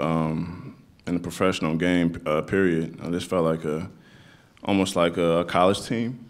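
A man answering interview questions at a live event as a basketball player, relaxed and searching for words. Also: deep voice.

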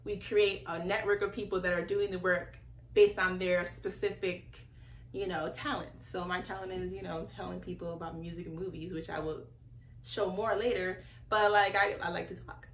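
A woman's voice: fairly low pitch, fairly even intonation, normal speed. A woman talking to camera in a casual, rambling monologue, often correcting herself. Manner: rambling, chatty, self-correcting. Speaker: spiritual vlogger. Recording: roomy echo, faint background hiss.

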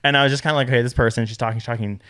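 This is a young man in casual podcast conversation, an animated storyteller. He throws himself into his anecdotes and keeps slipping into high, squeaky voices to act out what other people said. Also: rapid-fire, smooth. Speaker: podcast co-host. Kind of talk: casual chat.

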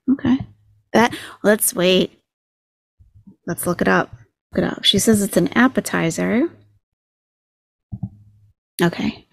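Chatty, sarcastic woman with gravelly edge. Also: lowish voice, no room sound. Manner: chatty, sarcastic, talks numbers through aloud. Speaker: commentary channel host. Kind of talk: casual commentary on a video.

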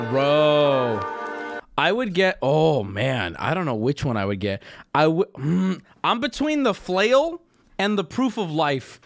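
Wildly swooping excitable male streamer. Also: fairly high pitch, measured pace, gravelly, soft background music. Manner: excitable, swearing, big swings from mumbling to yelling. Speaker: streamer host. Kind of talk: live-stream reaction to viewer media.

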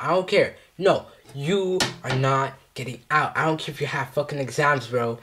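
A man's voice: a little high, expressive, moderate pace, fairly bright tone. Profane, taunting male vlogger. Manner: profane, mock-threatening, repeats taunts. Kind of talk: comedic scolding skit.

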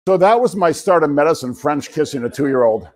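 This guest speaker, a sixty-something physician turned entrepreneur, talks fairly quickly in a higher-than-average voice with a darkish tone. His keynote is built on amusing personal stories, self-mockery and offhand jokes.

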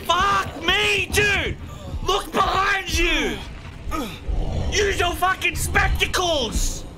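Loud, foul-mouthed male streamer with a high, animated voice; music heard behind. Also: very slow. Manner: loud, shouting and swearing at the game. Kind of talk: live gameplay commentary. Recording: game music playing behind.

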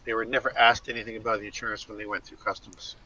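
A man's voice: lowish voice, little pitch movement, fast, bright, forceful tone, slightly rough, dull audio. A man chatting as a guest on a livestream, insistent and eager to finish his point. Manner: insistent, talks over others. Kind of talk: casual group chat.

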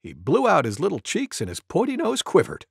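A man reading a storybook aloud to preschoolers in an expressive, playful way. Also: a little high, fairly quick, creaky, husky, no room sound, studio quality. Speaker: storybook narrator.

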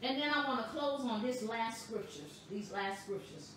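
A woman pastor delivering a sermon, with slow, emphatic preaching that stresses words boldly. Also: a little high, expressive, a bit bright, a little hiss or hum. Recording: echoey room, voice from a distance.

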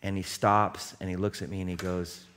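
A male pastor preaching a sermon in a loose, conversational way, telling a personal story and breaking into shouts. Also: low-pitched, moderate pace. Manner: animated, conversational, bursts into shouts. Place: church.

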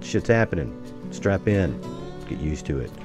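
A deep-voiced American man rambles through his gameplay commentary, his pitch leaping up when excited and dropping into low grumbles. Faint guitar music plays under his voice. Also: measured pace. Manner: rambling, exclamatory, swings between excited and grumbling. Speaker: gaming YouTuber.

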